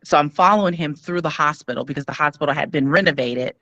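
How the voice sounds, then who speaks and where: Woman guest, bright and clear, dry close sound, earnest storyteller. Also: sits low, dry recording, highs cut off. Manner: earnest, frank, many "um" pauses. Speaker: guest telling her story. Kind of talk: candid personal storytelling.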